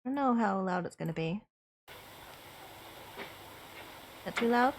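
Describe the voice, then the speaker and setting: A woman streamer who chats casually, thinks aloud and muses in an unhurried way. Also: mid-range voice. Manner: musing, relaxed and unhurried.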